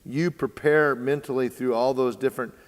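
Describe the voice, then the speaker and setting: A man's voice: medium pitch, fairly even intonation, normal speed. A man in casual conversation, spinning a story and slipping into the voices of the people in it. He hesitates often with uh and um. His voice rings out with a long hall reverb. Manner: storytelling, acts out quoted dialogue, many fillers. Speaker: baseball training host.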